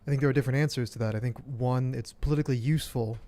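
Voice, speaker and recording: A man appearing as a guest commentator on a talk show, making a measured argument in a dry, sarcastic way. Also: medium pitch, steady tone, mellow.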